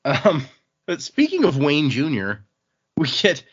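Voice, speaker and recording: A man co-hosting a podcast, recapping a book in a relaxed way with quoted lines. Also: fairly high pitch, slow, breathy edge. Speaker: podcast co-host. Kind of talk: casual book-club chat. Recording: muffled home mic.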